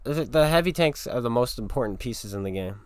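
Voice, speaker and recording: A man's voice: medium pitch, animated, a little fast, smooth, dry recording. A man streaming a tank game, giving casual commentary with a sarcastic, exasperated edge about his teammates.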